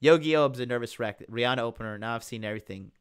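A man's voice: medium pitch, racing, smooth. A young man hosting a live stream, reacting to a video and reading chat aloud in a crude, mocking way and laughing often. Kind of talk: casual live-stream commentary.

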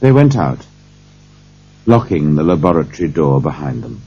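A man reading a story aloud for English learners in a slow, deliberate way. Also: very deep voice, very animated, dark tone, breathy edge. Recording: dull lo-fi recording.

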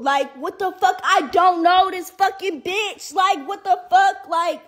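A young woman with a very high voice, venting on a livestream in a heated rant. She swears nonstop, leans on "like" and "bro", and sounds fed up. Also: a little slow, few pauses, a bit bright. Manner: heavy profanity, repeated "like" and "bro"; indignant and exasperated, with bursts of laughter.

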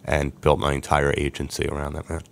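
A man, a podcast guest, telling his life story in a lively way and acting out the voices of people he quotes. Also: a bass voice, fairly quick, vocal fry, a little hiss or hum. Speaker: podcast guest, sports agent. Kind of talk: storytelling interview.

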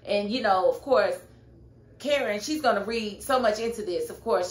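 A woman reviewing a TV episode in a casual, animated and sassy way, often scolding the characters directly. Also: medium pitch, moderate pace. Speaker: TV show reviewer. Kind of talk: casual TV recap vlog. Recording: echoey room with faint noise.

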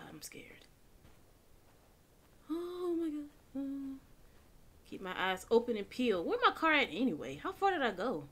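A woman's voice: medium pitch, a bit bright. A young woman, playing a horror game and talking to herself, swearing and jumpy. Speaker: gaming channel host. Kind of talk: horror game let's play.

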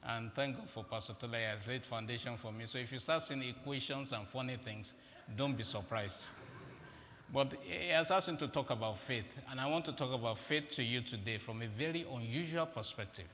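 A man's voice: mid-range voice, fairly quick, bright, forceful tone, slight background noise. A man giving a humorous, interactive sermon, directing volunteers on stage in a large auditorium. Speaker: guest preacher. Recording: echoey hall with faint ambience.

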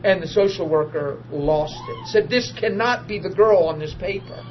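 High voiced preacher guy telling stories to a small group, acts out the voices, muffled old recording. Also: moderate pace. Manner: animated, acts out quoted voices, laughs often. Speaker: preacher sharing testimonies. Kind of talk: informal sermon storytelling. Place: small group meeting room. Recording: dull lo-fi archive recording with faint hiss.

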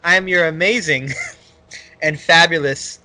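A man with a Brooklyn accent co-hosts a casual podcast, loud and excitable, laughing often. His voice is bright and forceful and sits a bit high for a man. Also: unhurried. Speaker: podcast co-host. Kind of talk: casual chat.

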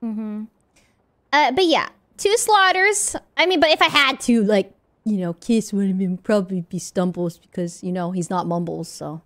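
A woman's voice: medium pitch, animated, normal speed, a bit bright. A woman chatting in character during a roleplay, playful and giggly. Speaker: roleplay player.

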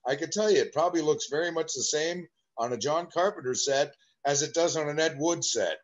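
A man in his fifties from Southern California, a guest in an interview, telling animated, rambling anecdotes about his childhood. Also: a little high, brisk, muffled recording. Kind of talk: storytelling interview.

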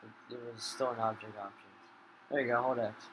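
A man giving casual gaming commentary while he plays, swearing a lot and flaring into loud rage. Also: on the low side, steady tone, a little fast, very noisy. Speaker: gamer.

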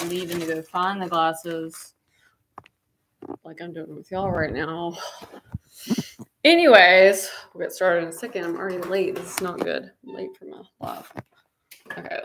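A woman's voice: on the low side, noisy background. A young woman hosting a fashion livestream, chatting casually and a bit scattered as she hunts for things for her viewers. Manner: scattered, talks to viewers while hunting for things. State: out of breath.

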